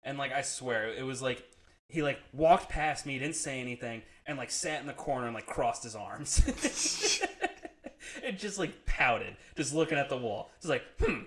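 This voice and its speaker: A man's voice: mid-range voice, expressive, moderate pace, fairly bright tone, a little hiss or hum. A man telling a profane, laugh-filled story in a casual chat, acting out the people he quotes. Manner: profane, laughs often, acts out quoted friends.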